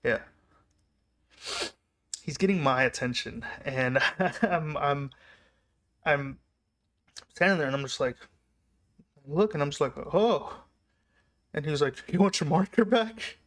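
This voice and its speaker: He has a slightly high, somewhat bright voice, speaks a little slowly, and pauses often. In a relaxed vlog, the man rambles through a personal story, chatting and self-interrupting as he drops sentences and begins again.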